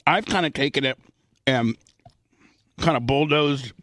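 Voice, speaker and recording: A man's voice: medium pitch, measured pace, a bit bright, no echo. A man hosting a radio show, teasing his co-host and keeping the talk on track. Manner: teasing, keeps steering the talk. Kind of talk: teasing on-air banter.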